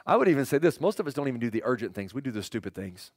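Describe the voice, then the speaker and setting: Animated preaching man, dry close sound. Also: rapid-fire, dry recording. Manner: animated storytelling, voices quotes with sudden pitch jumps and drops to a near whisper. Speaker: pastor. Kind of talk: sermon.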